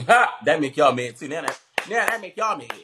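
A woman's voice: sits low, lively intonation, normal speed, background noise. A woman livestreamer ranting at her viewers in a brash, profane and confrontational way, mocking the comments.

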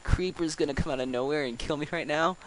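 A man's voice: a little high, quick pace, background noise. A man giving casual gameplay commentary, coaxing animals along with exasperated, chatty asides. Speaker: let's play host.

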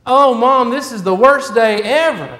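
A man's voice: extremely high pitch, unhurried, pushed and bright, full character voice. A man with a Southern US accent voicing a gloomy little boy who whines and stammers. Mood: whining. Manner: whiny, stammering. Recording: echoey church hall.

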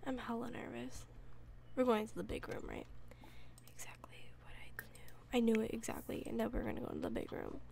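A woman giving casual gameplay commentary, excitable, with gasping exclamations and whispered asides. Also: fairly high pitch, a little fast, gravelly, pauses often. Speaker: let's play gamer.

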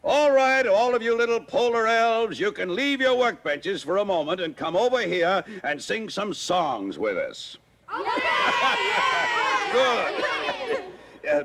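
An actor playing a jolly old Santa Claus who hosts a toy-guessing game for children, with hearty chuckles and a coaxing manner, in a 1950s children's record. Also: male voice, on the high side, background noise. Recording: old mono LP with music behind. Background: music.

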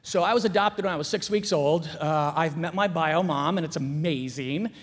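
A middle-aged man giving a storytelling talk in a school chapel, acting out the dialogue in lively character voices. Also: fairly high pitch, normal speed. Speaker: chapel speaker. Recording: echoey hall with long reverb.

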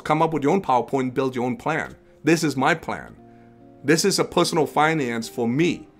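A man hosting an investing livestream in a casual, rambling way, with restarts and rhetorical questions. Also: mid-range voice. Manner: rambling, repeats phrases, asks rhetorical questions.

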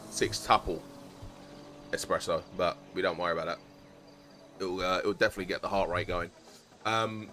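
A man with a London accent chats to his stream viewers, his voice sitting a little low. He explains things in a loose, rambling way and swears casually. Soft music plays faintly behind him. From South East London.

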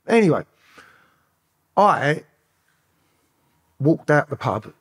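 London man, podcast guest, husky and coarse-spoken, sweary storyteller. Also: a little high, very animated, drawn-out words. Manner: profane, rambling street talk. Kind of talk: casual storytelling interview.

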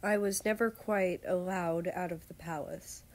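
A woman voicing a calm, reserved young male royal guard who speaks formally and evenly, in a low voice. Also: measured pace. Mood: reflective. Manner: formal, polite and even.

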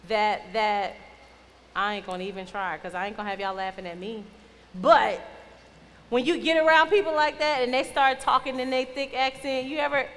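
A woman's voice: high voice, gravelly, fairly bright tone. A young adult woman giving a casual youth sermon as a youth minister. She talks in a conversational, playful, teasing way. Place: church youth hall. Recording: long reverb, faint noise.

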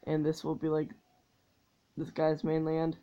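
A woman's voice: sits low, completely flat delivery, unhurried, warm tone, highs cut off. A young woman giving casual commentary on a strategy game, talking loosely with lots of fillers and swearing. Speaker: gameplay commentator. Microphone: tablet's built-in mic.

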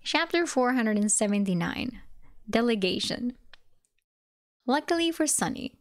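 A woman with a medium-pitched voice streams a live reading of a web novel, recorded at studio quality with no room sound. She keeps breaking off to react with excited exclamations and swearing.

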